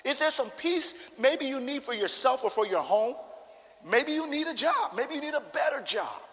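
A man's voice: very high voice, lively intonation, normal speed, a bit bright. A man pastor preaching a fervent sermon with emphatic, repeated declarations, recorded in a church. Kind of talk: sermon with congregational prayer. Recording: long echo of a large church hall.

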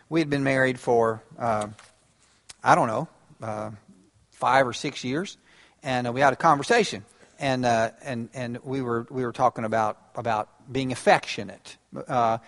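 A man giving a lively, conversational talk to a large audience, often restarting his phrases. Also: mid-range voice. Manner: animated, conversational, frequent restarts. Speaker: speaker on relationships. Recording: long hall reverb.

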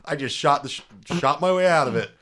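A man's voice: fairly high pitch, lively intonation, quick pace, sharp tone. A man hosting a casual chat, teasing and knowing, swearing casually.

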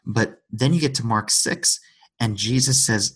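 A man's voice: fairly low pitch, normal speed, a bit bright, husky. A man in an earnest conversational Bible discussion, retelling scripture stories and acting out the quotes.

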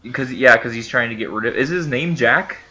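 A man's voice: medium pitch, a little fast, bright, forceful tone, dull audio. Hesitant man co-hosting a podcast. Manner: hesitant, trailing off. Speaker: podcast co-host. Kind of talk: casual chat.

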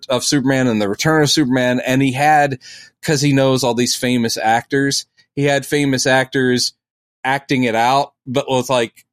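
A man's voice: mid-range voice, no echo. A man co-hosting a podcast, chatting casually about comic books and acting out quotes in silly voices. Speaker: podcast co-host.

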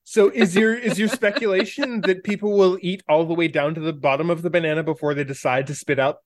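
A man's voice: fairly high pitch, steady tone, a little fast, no echo. A man co-hosting a podcast, telling rambling stories in casual chat, stumbling over his words and laughing often. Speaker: podcast co-host.

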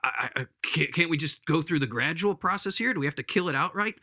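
A man's voice: animated, fast, sharp tone, exaggerated voice. A man voicing a frightened male ghost who stammers and pleads, making excuses. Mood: pleading. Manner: stammering, high and anxious.

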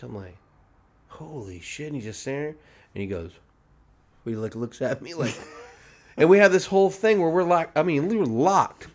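A man hosting a casual podcast, telling stories among friends, acting out the quotes with lots of laughter. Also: medium pitch. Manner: animated, acts out quotes, laughs often. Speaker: podcast host.

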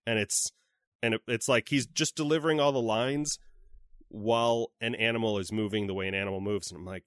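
A man's voice: fairly low pitch, a little fast, no echo, clean studio sound. A man co-hosting a casual podcast chat, telling stories expressively and acting out quotes. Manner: expressive storyteller, acts out quotes. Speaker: podcast co-host.

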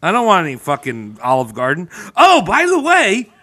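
Bright high-voiced laughing man. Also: moderate pace. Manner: animated, laughs often, rambling. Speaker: podcast co-host. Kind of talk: casual comedic chat.

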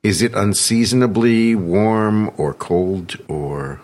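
A man's voice: on the low side, takes it slowly, a little mellow. A man hosting a podcast, reading an ad and then chatting with a guest in a jokey, rambling, self-deprecating way. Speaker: podcast host. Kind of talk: conversational podcast interview.

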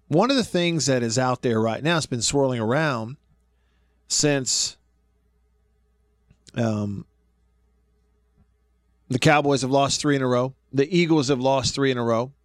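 A man's voice: on the high side, fairly bright tone, no room sound, studio quality. A male sports radio host chatting casually on air and laughing often as he tells a story. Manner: laughs often while telling stories. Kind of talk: casual radio show chat.

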